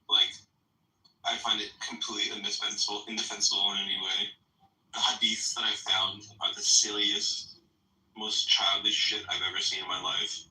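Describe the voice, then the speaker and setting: A man's voice: lowish voice, bright, forceful tone, far from the mic. Angry, swearing man in an echoey room. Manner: angry, profane, emphatic. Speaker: debate participant. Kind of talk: heated live-stream argument.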